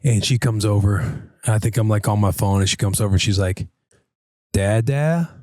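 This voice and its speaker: A man's voice: fairly low pitch, quick pace, no echo, studio quality. A man in his thirties hosting a podcast, telling a family story in a casual chat and acting out the quotes. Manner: animated storytelling with voiced quotes. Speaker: podcast host.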